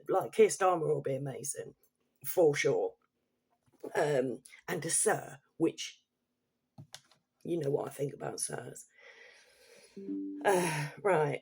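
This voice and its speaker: A woman's voice: on the low side, expressive, normal speed, a little mellow, breathy edge. A woman from Leicester with a Leicester accent, giving a political opinion rant on her vlog. She reads prepared points, then breaks off into heated, swearing asides. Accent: Leicester English. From Leicester, England. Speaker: vlogger.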